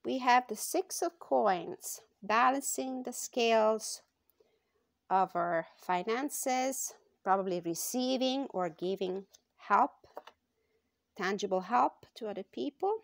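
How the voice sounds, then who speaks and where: A woman with a gravelly, fry-edged voice gives a casual tarot card reading for her channel. She talks slowly and thoughtfully, pausing often and filling gaps with little fillers. The sound is dry and close. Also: fairly high pitch, no echo. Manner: slow, thoughtful, with frequent pauses and fillers.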